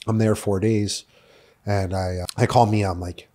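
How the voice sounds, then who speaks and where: A man's voice: on the low side, little pitch movement, normal speed, dark tone. A young man from New York City as a podcast guest, candidly telling his story in a rambling, profane way, full of "like" fillers.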